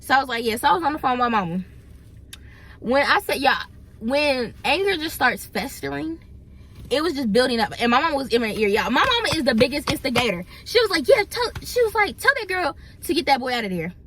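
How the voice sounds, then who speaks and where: A young woman, telling viewers a storytime in an animated, chatty way. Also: high-pitched, brisk, slight background noise. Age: young adult. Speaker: vlogger. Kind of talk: storytime vlog.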